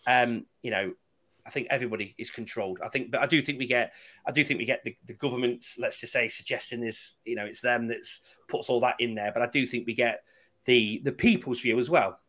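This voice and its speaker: Brisk guy, sharp tone, sardonic storyteller in casual chat. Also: mid-range voice. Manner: animated, sardonic storyteller, swears freely.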